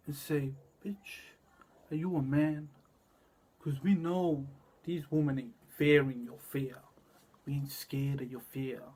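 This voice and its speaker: A man talking in a rambling, disjointed monologue that jumps between loud and quiet passages and repeats itself. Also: mid-range voice, slightly rough.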